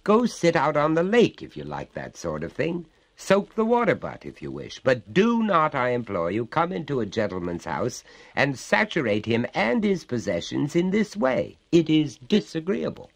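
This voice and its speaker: A man voicing an exasperated older gentleman householder, talking in a pompous, indignant and stiffly polite way in a storybook reading. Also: a little high, huge pitch swings, normal speed, gravelly, voice pushed up, exaggerated voice.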